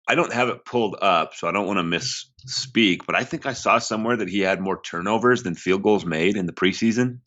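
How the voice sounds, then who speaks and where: Deep-voiced hesitant male co-host. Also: sharp tone, lo-fi sound. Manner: hesitant, lots of ums and restarts. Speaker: podcast co-host. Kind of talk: casual sports podcast talk.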